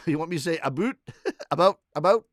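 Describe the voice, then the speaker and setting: A man's voice: a little high, moderate pace, no room sound, clean studio sound. A middle-aged man from Canada, a comedian chatting casually with viewers on a live stream, rambling and correcting himself as he goes. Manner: rambling, self-correcting, chuckling. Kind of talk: casual chat reading viewer comments.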